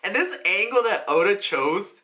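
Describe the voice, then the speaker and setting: A high-voiced, very bright man chatting casually through his reaction to a manga chapter. He is animated and laughs often, and he swears offhandedly. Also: normal speed.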